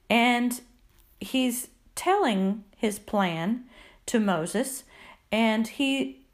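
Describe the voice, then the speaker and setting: A woman's voice: a little high, vocal fry. A woman reading scripture aloud and then explaining it in a chatty, devotional Bible study with small laughs.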